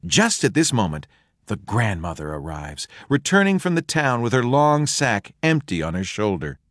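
A man reading a fairy tale aloud in a slow, expressive storytelling manner. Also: medium pitch, no echo, studio quality.

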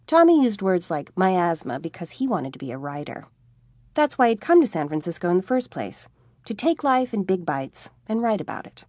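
A woman narrating an audiobook with an expressive, wry comic reading. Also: on the low side, normal speed, no room sound, studio quality. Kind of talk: scripted narration.

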